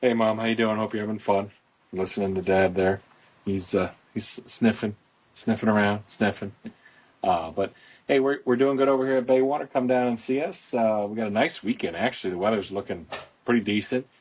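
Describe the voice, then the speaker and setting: A man's voice: lowish voice, a little fast, darkish tone, slightly rough. A middle-aged man hosting a casual podcast, talking outdoors into a phone in a rambling, folksy promotional way. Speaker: podcast host, boat club owner.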